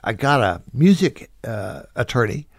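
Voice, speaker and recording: A man's voice: medium pitch, very animated, a little slow, gravelly, breathy edge, no echo. Easygoing older man interview guest. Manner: easygoing, brief answers, dry humor. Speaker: guest, film director and composer. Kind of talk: relaxed interview conversation.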